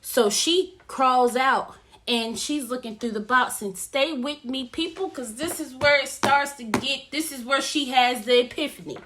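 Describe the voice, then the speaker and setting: A woman vlogger recapping a movie plot in a chatty, animated way and talking straight to her viewers. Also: high-pitched, a little slow, background noise. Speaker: movie reviewer. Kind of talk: casual plot recap vlog.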